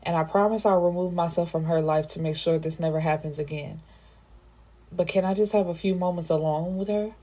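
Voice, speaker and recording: A heartbroken young man full of guilt, pleading and intense, as a woman reads him out. The voice sits low and husky, mellow rather than bright, in a casual book recap. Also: steady tone, fairly quick, close to an everyday voice. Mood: remorseful.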